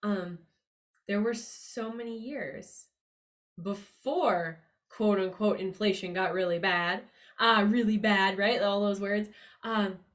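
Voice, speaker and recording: This is a woman hosting a podcast on money mindset, speaking at an ordinary middle pitch. She keeps it casual and upbeat. She talks in a chatty way, with fillers and side remarks. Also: a bit bright. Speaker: podcast host. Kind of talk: casual motivational talk.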